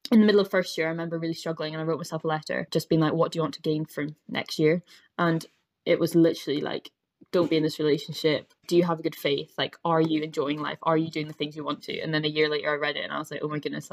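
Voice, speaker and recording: Young Scottish woman, low voice. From Scotland. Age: young adult. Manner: chatty, lots of "like" fillers. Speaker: guest. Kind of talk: casual podcast chat.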